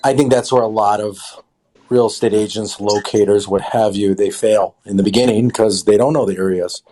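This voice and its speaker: A man's voice: on the low side, steady tone, moderate pace, warm tone, low-quality recording. A man giving blunt, matter-of-fact advice in a casual group audio chat.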